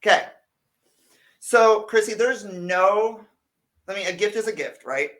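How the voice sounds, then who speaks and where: A man's voice: sits high, a little slow, fairly bright tone. A man co-hosting a podcast, playfully building up a surprise like an announcer. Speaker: podcast co-host. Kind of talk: casual chat.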